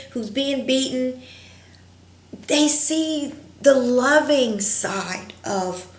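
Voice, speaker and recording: A woman counselor giving an earnest, reflective educational talk, pausing often with fillers. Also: high-pitched. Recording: roomy echo.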